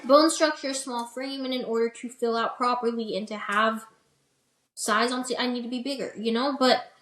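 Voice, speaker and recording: A young adult woman, a bikini competitor appearing as an interview guest, tells her story in a chatty, animated way, full of "like" and "you know." Her voice is a little high at normal speed, and the recording has a roomy echo.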